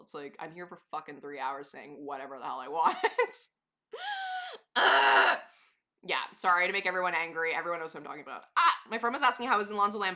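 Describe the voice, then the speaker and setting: A woman's voice: low-pitched, pushed and bright. A woman live streamer chatting casually to her viewers, rambling and laughing often.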